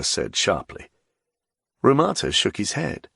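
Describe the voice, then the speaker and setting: A man narrating an audiobook in an expressive storytelling manner. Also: lowish voice, a little slow, creaky, dry recording, clean studio sound. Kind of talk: scripted narration.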